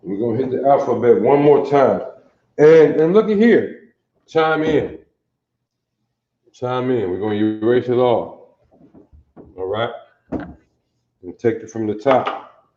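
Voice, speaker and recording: A man teaching an alphabet in a lesson, slow and deliberate, often quizzing his listeners with questions. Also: mid-range voice, lively intonation, mellow. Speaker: language teacher. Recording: roomy, dull lo-fi sound.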